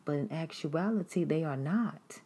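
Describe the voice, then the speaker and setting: A woman's voice: low-pitched, normal speed, mellow, husky. A woman preaching a sermon in an emphatic, repetitive way, now and then mimicking critics in a raised voice.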